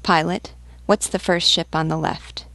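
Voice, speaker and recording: A woman voicing a calculating male sea captain who asks measured, commanding questions. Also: lowish voice, fairly even intonation, a bit bright, dry recording. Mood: questioning.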